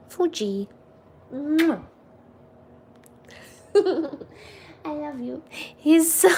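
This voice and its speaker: Woman host, high voice, slow pace, affectionate pet baby talk at the kitchen sink. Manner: cooing, affectionate, laughing often. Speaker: cat owner and channel host. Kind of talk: casual chat and baby talk to pets. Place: home kitchen.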